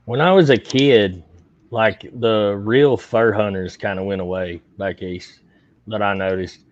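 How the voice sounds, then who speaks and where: Low-voiced man on dull lo-fi audio. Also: fairly even intonation, measured pace, no room sound. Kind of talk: casual chat.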